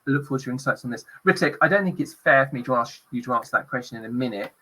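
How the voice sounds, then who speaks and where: A man's voice: mid-range voice, lively intonation, racing, sharp tone, breathy edge, poor audio. A man hosting a panel discussion, moderating in a friendly, loose, chatty way over a video call. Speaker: podcast host.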